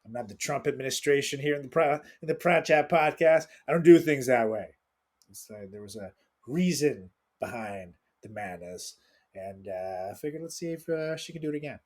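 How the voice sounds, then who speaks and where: A man's voice: medium pitch, lively intonation, normal speed, darkish tone. A young man hosting a casual podcast with a jokey, rambling delivery and lots of fillers. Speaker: podcast host.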